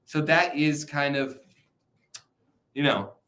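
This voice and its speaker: A man's voice: a little high, slow pace, a bit bright. A young man chatting casually on a livestream, loose and profane, rambling with frequent restarts. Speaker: streamer.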